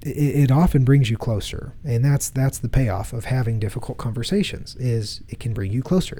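Brief: man in his 30s, warm and mellow, speaking earnestly to a live audience, conversational and repetitive. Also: medium pitch. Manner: earnest, conversational, repeats himself. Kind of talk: motivational talk with personal stories.

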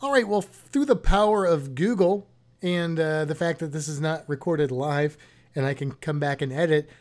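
A man's voice: fairly high pitch, moderate pace. Chatty man co-hosting a podcast. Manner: chatty, rambling, joking. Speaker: podcast co-host. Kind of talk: casual podcast chat.

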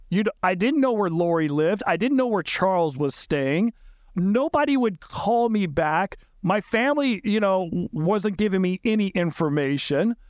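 High-voiced man recounting a painful story. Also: no echo, studio quality. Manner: halting, repeats and restarts words, rises sharply when upset. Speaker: podcast guest recounting events. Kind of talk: emotional personal recollection.

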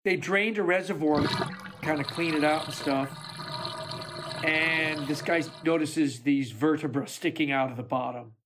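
A man's voice: fairly high pitch, a little slow, noisy background. A man co-hosting a podcast in casual chat, telling stories eagerly. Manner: eager storytelling. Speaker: podcast co-host.

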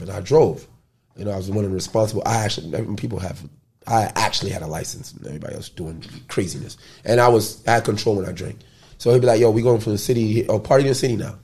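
A man from the Bronx, telling loose, slangy stories as an interview guest. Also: lowish voice. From the Bronx, New York. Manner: loose, animated storytelling with slang and profanity. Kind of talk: casual storytelling interview.

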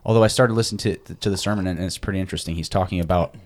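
A man co-hosting a casual podcast, easygoing in talk and measured when reading scripture aloud. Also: low voice. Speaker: podcast co-host.

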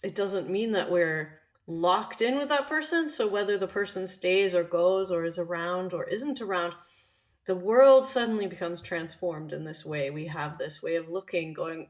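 Thoughtful woman musing softly. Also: lowish voice, lively intonation, moderate pace. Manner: soft, thoughtful, hesitant with fillers. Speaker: reflective speaker. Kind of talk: reflective talk on a story.

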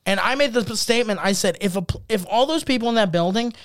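A man's voice: high voice, quick pace, clear, resonant tone, no echo, clean studio sound. A young man co-hosting a podcast, telling stories in a casual chat and acting out the people he quotes. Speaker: podcast co-host.

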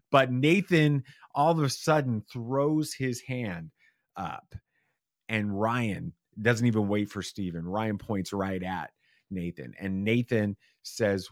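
A man, a father and podcast guest, telling a story in a casual, animated way and acting out the quotes. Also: lowish voice, a little slow, dry recording, studio quality. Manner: animated, acts out quotes with shifting voices.

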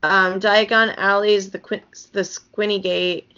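A woman's voice: medium pitch, flat delivery, a little slow, sharp tone, smooth, dull audio. A woman co-hosting a podcast in casual chat, enthusiastic as she reads from an article. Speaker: podcast co-host.

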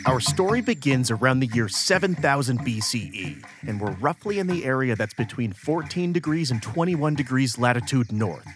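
A man's voice: medium pitch, lively intonation, normal speed, few pauses, over music. A man from upstate New York hosting a history podcast, narrating from a script in a wry, self-deprecating way. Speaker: podcast host.

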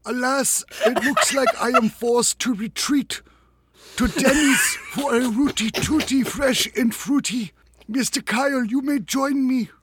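A podcast co-host doing a comic impression of a solemn German film director, with a German accent and a slow, fatalistic, deadpan delivery. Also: male voice, very high voice, slight background noise. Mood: mournful.

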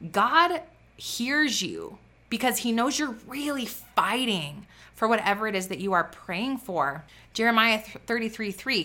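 A woman in her thirties talks straight to her listeners as a faith business coach. She is fervent and preachy, circles back on her points and fills her talk with "like". Her voice is bright and forceful. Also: mid-range voice. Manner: fervent, preachy, with a lot of repetition and "like". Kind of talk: motivational talk to camera.

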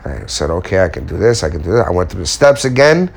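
Give me a blunt, animated man giving a casual motivational talk in slangy speech. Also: low-pitched, fast talker, gravelly, few pauses, husky. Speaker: woodworker and furniture maker.

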